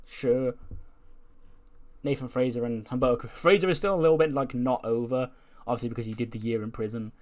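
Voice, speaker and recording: A man casually narrating his wrestling game playthrough, chatty and quick to laugh. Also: mid-range voice, darkish tone. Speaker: let's play narrator.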